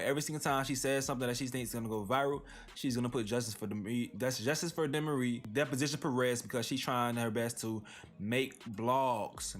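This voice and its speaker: A man hosting a commentary channel, reading posts aloud and reacting in loose, slangy casual talk. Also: medium pitch. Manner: reads tweets aloud then reacts, slangy.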